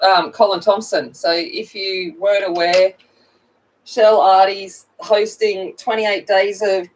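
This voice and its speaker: A woman's voice: medium pitch, far from the mic, a little hiss or hum, poor audio. A middle-aged woman chatting casually while she colors on a livestream, greeting viewers by name and laughing at herself. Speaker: coloring channel host.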